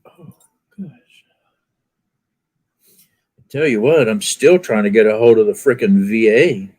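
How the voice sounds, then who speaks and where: A man's voice: lowish voice, expressive, a little fast, darkish tone, breathy edge, low-quality recording. A man chatting casually, telling folksy stories and acting out the people in them with raised voices. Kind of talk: casual storytelling chat.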